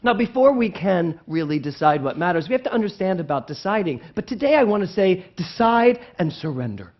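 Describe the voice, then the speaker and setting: Animated male minister preaching. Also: high voice, a little fast, lo-fi sound. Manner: animated preaching, swinging between loud and hushed; asks the congregation questions. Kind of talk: sermon. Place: church sanctuary.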